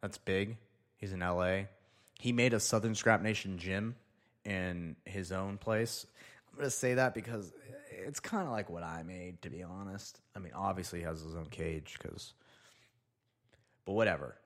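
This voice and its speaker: Low-voiced man in loose solo chat. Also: normal speed, a bit bright. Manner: loose, rambling, talks to himself while reading. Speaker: podcast host. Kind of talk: casual solo commentary.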